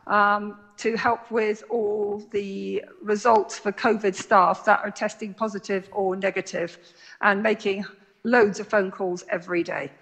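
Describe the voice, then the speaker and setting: Gravelly-voiced older woman from Jersey. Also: medium pitch, fairly even intonation, measured pace, a bit bright. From Jersey, Channel Islands. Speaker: guest, nurse. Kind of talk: casual chat.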